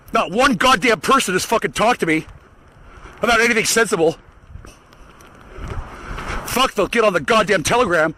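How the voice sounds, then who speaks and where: A man's voice: sits high, pushed and bright, a little hiss or hum, low-quality recording. A man delivering an angry, profane solo rant through a vocoder, swearing constantly. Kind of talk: solo ranting monologue.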